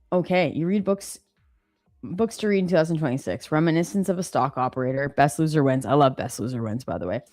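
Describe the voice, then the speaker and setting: Low-voiced chatty woman streamer. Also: very animated, fairly quick, a little mellow, no echo, clean studio sound, soft background music. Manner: chatty, laughs often, filler-heavy. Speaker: livestream host. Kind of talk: casual live-stream chat reading comments.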